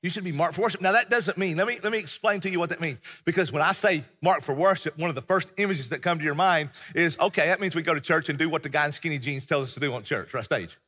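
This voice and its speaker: A middle-aged pastor's high, bright, slightly rough voice echoes with long reverb through a church hall as he preaches. He keeps the sermon conversational, with plenty of fillers and fast restarts.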